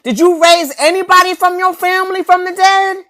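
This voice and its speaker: A woman's voice: extremely high pitch, fairly even intonation, moderate pace, a bit bright. A woman delivering a confrontational, preachy rant to camera, mocking her targets and firing off rhetorical questions and repeated lines.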